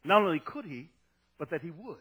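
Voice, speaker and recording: A man preaching a fervent sermon, dropping low and then shouting as he acts out scripture. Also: sing-song, fairly quick, breathy edge, poor audio.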